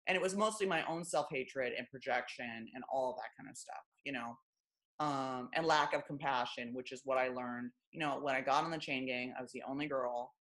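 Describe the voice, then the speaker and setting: A woman's voice: extremely low pitch, a little fast, a bit bright. A middle-aged woman guest speaking bluntly and with self-mocking humor, acting out other people's lines in candid interview chat. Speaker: author and guest.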